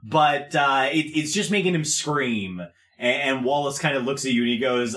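A man's voice: mid-range voice, moderate pace, fairly bright tone, echoey room. A man narrating as game master, casual and hesitant, with frequent fillers.

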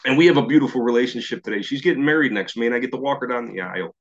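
A man's voice: mid-range voice, rapid-fire. Man telling his story on a dull video call. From New York. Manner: lively storyteller who acts out his own past thoughts and chuckles at himself. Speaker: recovery meeting speaker. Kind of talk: personal story shared at a recovery meeting.

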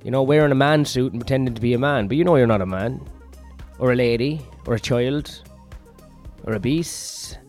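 A man's voice: mid-range voice, normal speed, darkish tone, soft background music. A worn-out man hosting a rambling solo podcast, crude and self-mocking, swearing constantly. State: tired, run-down. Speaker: comedian podcast host.

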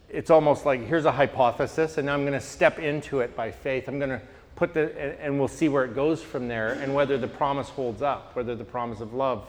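A man from Canada leading a group teaching discussion, telling stories with lively restarts. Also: on the high side, in a large hall. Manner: animated storyteller, frequent restarts.

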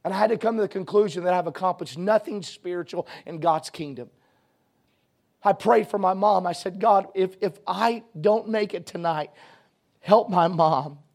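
Preacher, male, high gravelly voice, testimony sermon with halting starts and a fervent cadence. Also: a little mellow.

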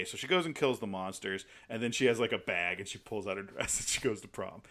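A man co-hosting a podcast, telling stories in a rambling, animated way with lots of fillers. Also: fairly low pitch, fast talker, hardly any pauses. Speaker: podcast co-host. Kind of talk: casual chat.

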